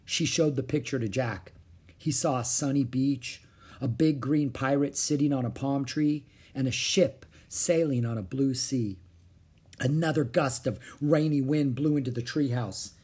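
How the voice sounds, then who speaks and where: A man reading a children's chapter book aloud with expressive, varied intonation. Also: medium pitch, a little slow, breathy edge. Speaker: audiobook narrator.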